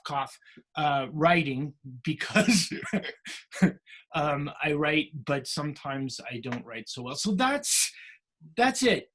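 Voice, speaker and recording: A middle-aged American man telling students about his career in a casual way, with many pauses and restarts. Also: fairly high pitch. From United States. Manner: many fillers and restarts, storytelling. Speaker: career day speaker.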